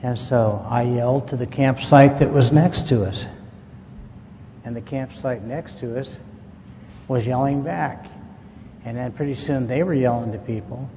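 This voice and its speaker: A man with a dark, mellow voice spins a rambling, folksy anecdote for a small group. His voice carries a long echo, as if the room is large, with a faint hiss underneath. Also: mid-range voice, unhurried, pauses often. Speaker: UFO witness telling his story. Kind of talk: casual spoken storytelling to a group.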